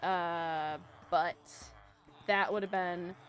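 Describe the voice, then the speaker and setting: A woman's voice: lowish voice, steady tone, very slow, a bit bright. A woman hosting a casual live stream, chatting and reading viewer messages aloud in a bubbly, rambling way, laughing often. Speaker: live-stream gaming host. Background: faint background music.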